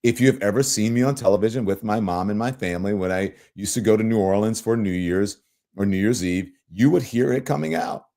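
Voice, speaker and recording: Animated Southern man hosting a livestream. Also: brisk. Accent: Southern US, Louisiana. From Louisiana. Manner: animated, swooping pitch, emphatic. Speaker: show host. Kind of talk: livestream commentary reading viewer comments.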